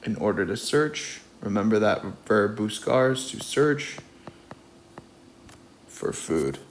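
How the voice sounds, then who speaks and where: With a lowish, animated voice, a young man reads a storybook in Spanish and explains it in English for learners. He goes slowly and patiently, alternating reading and explanation, over slight background noise.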